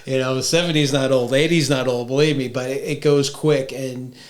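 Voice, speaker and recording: A man in his fifties, a podcast guest, talking casually and reflectively with halting restarts. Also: mid-range voice, steady tone, background noise. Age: 50s. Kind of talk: casual chat.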